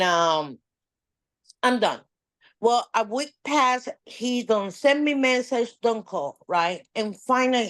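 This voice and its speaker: Woman, podcast guest, slow unhurried delivery, dry close sound, animated storytelling, nonstandard grammar. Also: medium pitch, no echo. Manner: animated, acts out quoted dialogue. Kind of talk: casual storytelling.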